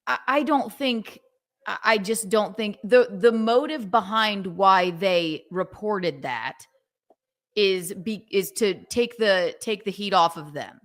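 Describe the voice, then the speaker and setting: A woman's voice: mid-range voice, takes it slowly, a bit bright. A woman co-hosting a livestream in casual chat, conversational with sarcastic asides and restarts. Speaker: livestream co-host.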